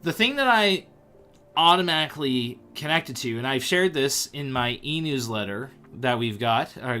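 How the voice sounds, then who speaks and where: A man hosts a relaxed livestream and chats away at a mid pitch. He sounds lively and talks straight to his audience, with faint music playing quietly behind him. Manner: chatty and animated, addressing viewers directly. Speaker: host. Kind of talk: casual livestream chat about comics and scripture.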